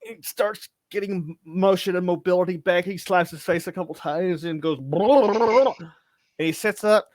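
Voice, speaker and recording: A man's voice: high-pitched, fairly even intonation, normal speed, few pauses, no echo. A man narrating as game master of a tabletop game, stumbling and restarting as he laughs through the scene.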